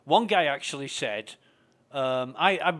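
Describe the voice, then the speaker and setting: A man chats while he plays a game, venting in a loose, rambling way with plenty of swearing. His voice sits a little high for a man. He sounds indignant as he goes from one grumble to the next. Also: measured pace, a bit bright. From Britain. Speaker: game streamer. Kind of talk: casual ranting commentary while gaming.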